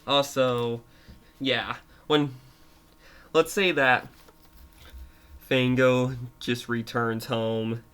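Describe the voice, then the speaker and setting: A young man retelling a made-up story off the cuff, halting and giggly, with many restarts. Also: mid-range voice, fairly even intonation, a bit bright, clean tone.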